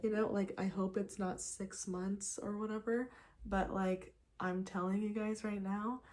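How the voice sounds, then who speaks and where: In her apartment, a chatty young lifestyle vlogger does a casual get-ready-with-me chat, animated and full of "like" and "you guys." Her voice is mid-range and a little slow, and at times she drops to a whisper.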